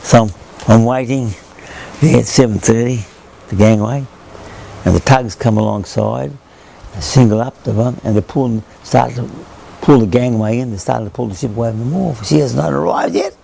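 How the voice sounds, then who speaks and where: Old aussie bloke telling navy yarns, gravelly voice, goes round in circles. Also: male voice, mid-range voice, normal speed, mellow, a little hiss or hum. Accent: Australian. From Australia. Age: older. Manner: rambling storyteller who repeats himself and acts out quoted voices. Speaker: interviewee, former sailor. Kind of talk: oral history reminiscence.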